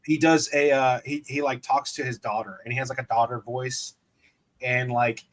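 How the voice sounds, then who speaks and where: A man's voice: medium pitch, little pitch movement, normal speed, background noise. A man in casual chat among friends, laughing often and peppering his talk with "dude" and "like".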